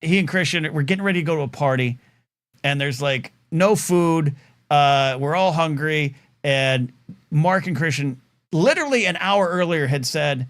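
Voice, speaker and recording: A middle-aged man with a slightly raised pitch hosts a live call-in style talk show. He tells a long story in a loose, rambling way, full of fillers and false starts, and animates the people in it with quick put-on voices. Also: animated, a bit bright. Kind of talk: casual storytelling monologue.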